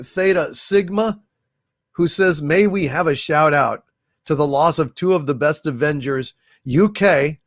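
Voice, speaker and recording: Slow, halting man reading donor messages. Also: medium pitch, no echo, studio quality. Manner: slow, halting, warmly thankful, many fillers and restarts. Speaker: livestream host reading super chats. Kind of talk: casual livestream chat.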